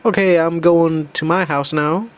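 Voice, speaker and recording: A man's voice: a little high, fairly even intonation, a little slow, voice pushed up, lightly acted. Timid polite boy, nervous, read by a man.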